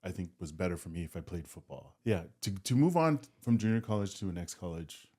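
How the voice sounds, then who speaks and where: A man's voice: low-pitched, sing-song, brisk, mellow. A man co-hosting a podcast in a studio, chatting casually and hesitantly, often repeating words as he tells his story. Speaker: podcast co-host, former football player.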